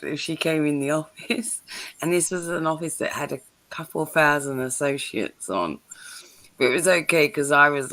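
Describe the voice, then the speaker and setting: A woman with a clipped London accent, chatting on her livestream. Her voice is bright and lively. She swears freely and laughs often as she talks. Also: sits low. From London, England. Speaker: livestream host. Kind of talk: casual chat. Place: home, livestream.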